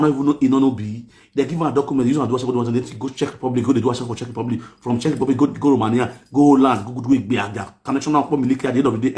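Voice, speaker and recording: A man with a Nigerian Pidgin accent ranting and mocking people on a live stream, often shouting. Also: mid-range voice, reverberant.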